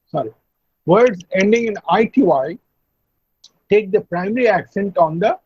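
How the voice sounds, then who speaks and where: A man lecturing an online class, explaining slowly, repeating and spelling out words. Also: high-pitched, darkish tone, husky, no room sound, dull audio. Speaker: university lecturer. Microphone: video call.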